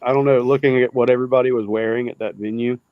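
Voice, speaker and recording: A man's voice: mid-range voice, steady tone, fast, lo-fi sound, slight background noise. A man co-hosting a podcast in casual chat, making wry, hesitant remarks. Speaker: podcast co-host.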